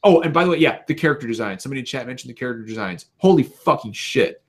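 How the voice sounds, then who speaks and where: A man's voice: mid-range voice, expressive, racing, background noise. A man on a casual podcast, ranting animatedly and swearing a lot. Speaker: podcast co-host. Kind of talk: casual chat.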